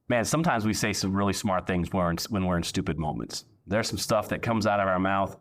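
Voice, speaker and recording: A man's voice: low-pitched, fast talker, few pauses. A male pastor preaching a sermon in a casual, joking, conversational way.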